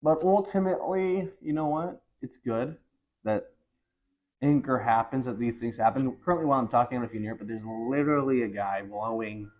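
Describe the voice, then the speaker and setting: A vlog host with a medium-pitched voice talks briskly from home in a rambling, casual monologue full of ums and frustration. The recording is slightly dull and lo-fi.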